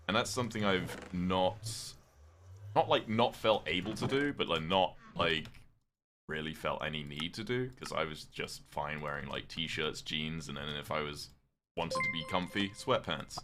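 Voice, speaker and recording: A young man with a British accent talking through a live game stream in a loose, rambling way, answering chat and thanking viewers. His voice sits low but sounds bright and forceful. Faint rain patters behind him. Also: a little hiss or hum. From Britain. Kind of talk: casual livestream chat while gaming.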